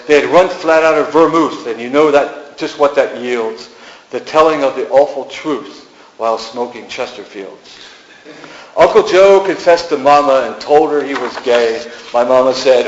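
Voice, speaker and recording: A man poet giving a sing-song reading of rhyming verse at a gallery. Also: mid-range voice. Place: art gallery. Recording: roomy, dull gallery recording.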